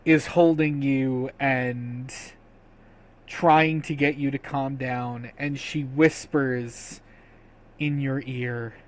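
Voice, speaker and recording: A man narrating a tabletop game as game master, softly and slowly, with quick chatty asides. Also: medium pitch, fairly even intonation, poor audio.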